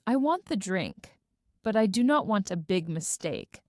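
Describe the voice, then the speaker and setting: Woman reading a graded story aloud, deliberate pace, dry close sound. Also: mid-range voice, dry recording. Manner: careful, deliberate, expressive reading. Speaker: narrator. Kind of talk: slow graded-reader story narration.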